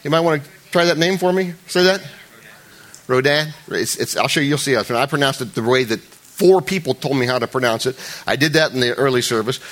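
A man preaching a sermon to a church congregation. He talks conversationally, jokes with the listeners and restarts often, and he rises loud and high for emphasis. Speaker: pastor.

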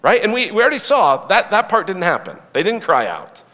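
A man with a slightly high voice preaching a sermon in a large hall, his words trailing off into a long reverb. He tells the story with animated, joking asides to the listeners. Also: a little fast. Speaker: pastor.

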